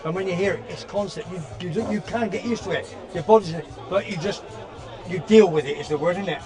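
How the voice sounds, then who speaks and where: A slightly high-voiced man with a West Country accent rambles along animatedly, doubling back on his words. Music and a lively crowd sound clearly behind him outdoors. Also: a little fast. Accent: West Country English. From Gloucestershire, England. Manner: rambling, animated, repeats himself. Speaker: livestream co-host. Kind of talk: casual banter. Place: outdoors on a street.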